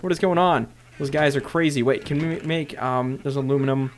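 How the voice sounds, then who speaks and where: A young man casually narrating his own game play to viewers, chatty and bursting into loud excited shouts. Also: medium pitch, fairly quick. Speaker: gaming video host. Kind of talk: casual Minecraft let's play commentary.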